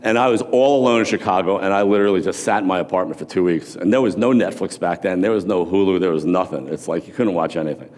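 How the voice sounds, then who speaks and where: A man's voice: low voice, quick pace, hardly any pauses, a little mellow, big-room sound. A man from New York, a former floor trader, giving a motivational speech in a casual storytelling way, with profanity.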